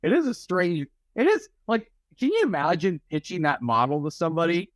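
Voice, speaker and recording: A man's voice: high voice, sing-song, a little fast, dry recording. A young man co-hosting a podcast in casual chat, riffing playfully and acting out imagined conversations. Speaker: podcast co-host.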